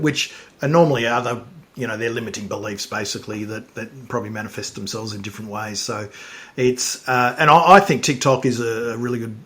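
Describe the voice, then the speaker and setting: A man's voice: mid-range voice, a bit bright. A man hosting a podcast interview, talking casually with frequent restarts and fillers. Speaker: podcast host.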